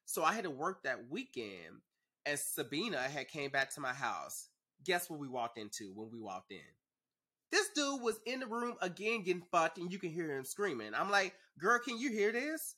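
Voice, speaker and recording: Young man, podcast host, casual storytelling, animated and profane, fairly high pitch.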